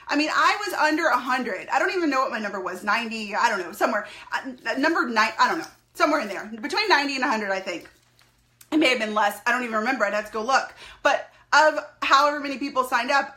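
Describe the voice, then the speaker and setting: High, bright, emphatic woman live-streaming. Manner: emphatic, repetitive, animated, laughs often. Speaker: network marketing team leader. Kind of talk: live-stream talk to viewers.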